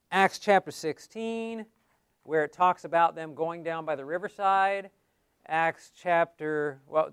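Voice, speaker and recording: A man's voice: high-pitched, clean tone, no room sound, studio quality. A man teaching a class on how to give Bible studies, in a conversational way that keeps asking the class questions.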